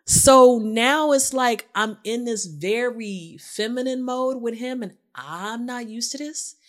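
Candid, animated woman talking. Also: fairly high pitch, slow pace. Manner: candid, animated storytelling with quoted dialogue. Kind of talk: casual conversation.

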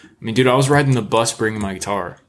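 A man with a fairly low voice chats on a casual podcast. His talk is loose and rambling, full of filler phrases, with swearing dropped in offhandedly. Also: fast, noisy background. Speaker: podcast co-host.

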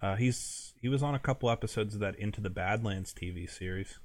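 Podcast co-host, American man, very low voice, loose rambling chat. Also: brisk. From United States. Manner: rambling, heavy use of filler words. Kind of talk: casual chat.

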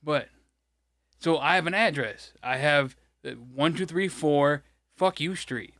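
A man's voice: fairly high pitch, takes it slowly, a bit bright, dry recording, clean studio sound. A man from Michigan, co-hosting a podcast, rambling through an exasperated, profane story in casual chat. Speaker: podcast co-host.

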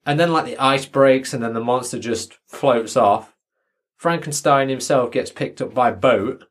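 Brief: man, podcast co-host, sarcastic and sweary, mid pitch. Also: normal speed. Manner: sweary, sarcastic, mocking retelling. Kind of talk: casual book chat.

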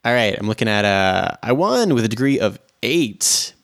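A man's voice: lowish voice, very animated, moderate pace, fairly bright tone, no room sound, clean studio sound. A man playing a tabletop role-playing game, thinking aloud hesitantly with many restarts. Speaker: player.

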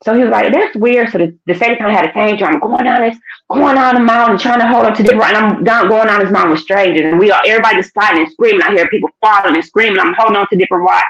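A woman guest on a podcast, telling a personal faith story in a lively, animated way and acting out what people said. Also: mid-range voice, racing. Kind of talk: casual testimony. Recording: dull lo-fi sound.

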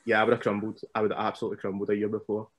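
A young man with a Scottish accent, a wrestler chatting casually as a podcast guest and telling stories in an animated way. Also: on the low side, very fast. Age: young adult.

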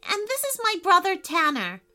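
A woman voicing an excited, curious young girl who talks eagerly. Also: very high voice, moderate pace, pitched above the performer's own voice, exaggerated voice.

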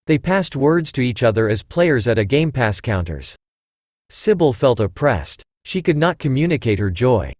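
A synthesized male narrator reading a classic novel aloud. His delivery is measured, with a lively rise and fall in pitch. The recording is dry, with no echo. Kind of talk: audiobook narration.

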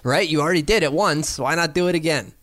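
A man co-hosting a casual sports podcast, animated and quick to laugh, thinking out loud as he talks. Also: on the high side, no room sound. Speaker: podcast co-host.

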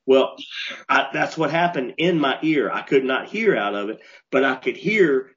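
A man co-hosting a podcast, telling a story in an animated way and restarting his sentences as he gets worked up. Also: mid-range voice, moderate pace. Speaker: podcast co-host. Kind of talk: casual storytelling chat. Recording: dull lo-fi podcast audio.

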